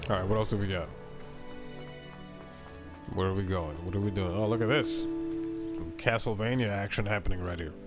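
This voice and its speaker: A man streaming a video game, talking in a casual, excitable, chatty way and reading his chat aloud. His voice sits a little on the low side. Game music plays clearly behind him. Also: normal speed, long pauses. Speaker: gaming streamer. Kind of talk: casual let's-play commentary.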